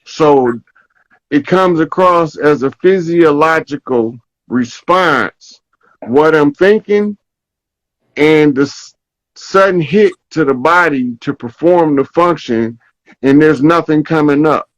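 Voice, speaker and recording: Slow-talking man telling a story. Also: on the high side, dry recording, poor audio. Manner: slow, storytelling, checks in with "right?" often. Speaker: podcast host. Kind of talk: casual spiritual talk.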